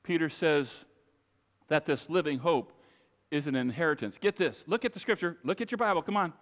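The long reverb of a big church sanctuary surrounds a pastor as he preaches emphatically and repetitively, speaking straight to his congregation. He has a fairly high, somewhat bright voice and talks at normal speed.

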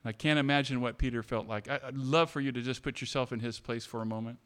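A man preaching a sermon, repeating his points and swinging between hushed, tender passages and loud, emphatic calls for amens. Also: medium pitch, fairly even intonation, fast talker, clean tone. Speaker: pastor.

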